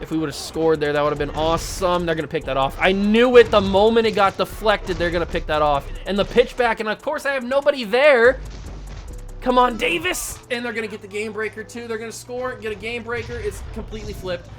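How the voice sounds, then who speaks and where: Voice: medium pitch, a little fast, soft background music. A young adult channel host giving exasperated, venting play-by-play commentary over a football video game.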